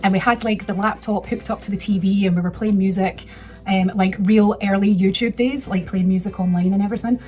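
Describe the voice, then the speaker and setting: A woman's voice: mid-range voice, steady tone, fairly quick, a little mellow, soft background music. A woman in her thirties telling a rambling, emotional personal story in a casual vlog. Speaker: vlogger.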